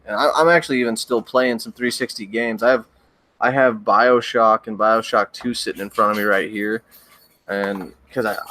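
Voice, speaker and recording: A young man hosting a livestream, chatting casually with viewers in a relaxed, rambling way with frequent stammered restarts. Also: fairly low pitch. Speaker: livestream host. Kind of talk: casual chat reading viewer comments.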